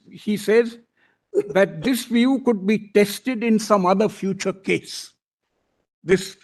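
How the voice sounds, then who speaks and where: An older advocate makes his case before a bench of judges. His voice sits high for a man. He speaks in a formal, deferential way and returns again and again to "my lord.". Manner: formal and deferential, repeatedly saying "my lord", with pauses and restarts. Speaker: senior advocate arguing before a court. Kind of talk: courtroom oral argument.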